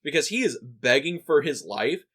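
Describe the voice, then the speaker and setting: A man talking loosely about a movie with a friend. He sits in an ordinary middle register and tells the story scene by scene with animated energy. His language is relaxed and salty. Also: medium pitch, moderate pace. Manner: animated retelling, frequent profanity. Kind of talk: casual movie discussion.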